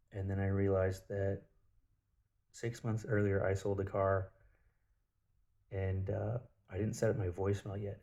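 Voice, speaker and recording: A man's voice: low voice, dark tone. A man telling a personal story in a casual spiritual monologue, blunt and profane, with lots of filler words.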